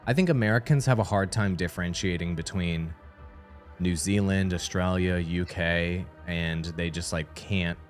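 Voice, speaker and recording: A man's voice: low-pitched, moderate pace, faint music behind. Hyped goofy male livestream host. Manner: loud, goofy, mock-excited. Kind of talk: hyped joking livestream banter.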